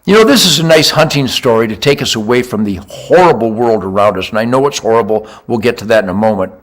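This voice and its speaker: With a medium-pitched voice, an older host spins a casual, bragging hunting tale. His animated telling lurches from loud bursts to mumbled asides.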